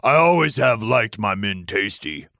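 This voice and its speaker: A man voicing a smug, teasing male lover in a comedic dramatic reading, husky and hammy. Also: fairly low pitch, lively intonation, measured pace, pushed and bright, no room sound, clean studio sound, heavily acted. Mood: seductive, teasing.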